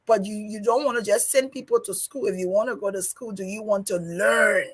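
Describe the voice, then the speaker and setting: A woman's voice: mid-range voice, a little fast, slightly rough. A woman hosting a casual panel talk show, speaking earnestly and often repeating words while she gathers her thoughts.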